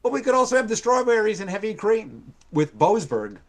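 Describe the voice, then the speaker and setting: A man's voice: sits high, sing-song, a little fast. An older man, a TV writer, telling rambling stories on a live stream, full of fillers and acted-out quotes. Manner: rambling storyteller with many fillers, acts out quoted voices. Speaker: TV writer and producer guest. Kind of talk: casual anecdote telling. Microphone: live stream call.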